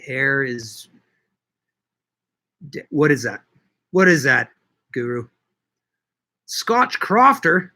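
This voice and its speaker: Pausing often and talking very slowly, this middle-aged Canadian man has a mid-range voice that is pushed and bright with big pitch swings. A market grower hosting a casual livestream, he responds to viewers with jokes and casual swearing.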